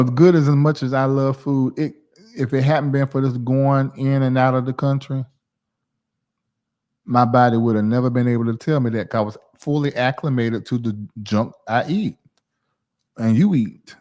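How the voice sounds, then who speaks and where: A man in his forties from the South, chatting casually on his livestream in a rambling, animated way. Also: mid-range voice, moderate pace. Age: 40s. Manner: rambling, animated, talks to chat viewers by name. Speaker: livestream host.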